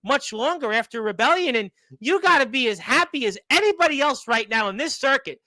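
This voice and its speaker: A man's voice: extremely high pitch, animated, brisk, sharp tone, no room sound. A man hosting a wrestling radio show, chatty and rambling, laughing along with his guest. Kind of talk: casual sports radio chat.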